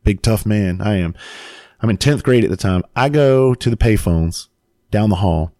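A man and father telling a story in casual chat, animated and swearing freely, laughing as he goes. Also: lowish voice, normal speed, no room sound, studio quality.

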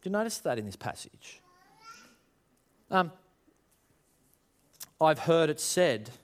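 A man's voice: mid-range voice, normal speed, long pauses. A man, preaching a conversational sermon to his congregation and rising in emphasis as he tells stories. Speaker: pastor.

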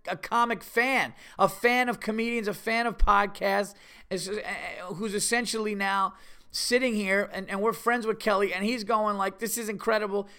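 Podcast guy from new york rambling through a story, gravelly but smooth, does little voices for people. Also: high-pitched, moderate pace. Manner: animated, acts out voices in quotes. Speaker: podcast host. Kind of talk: casual storytelling.

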